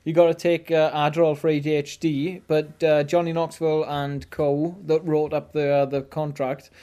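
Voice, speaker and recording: A man's voice: a little high, little pitch movement, normal speed, mellow, clear, resonant tone. A man hosting a casual chat, rambling through a story with many fillers and restarts. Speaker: podcast host. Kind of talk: casual chat, recounting news.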